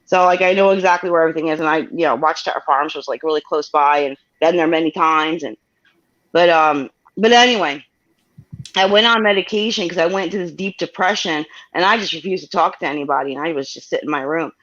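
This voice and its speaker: A woman's voice: sits low, fast talker, fairly bright tone. A woman from New York telling a personal story as a guest over a video call, rambling with many restarts and getting choked up. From New York, USA. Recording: dull lo-fi call audio.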